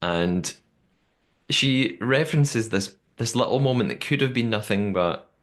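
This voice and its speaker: Podcast host, man, mid-pitch, animated storyteller, casual. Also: measured pace. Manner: animated storytelling recap, quoting people as he goes.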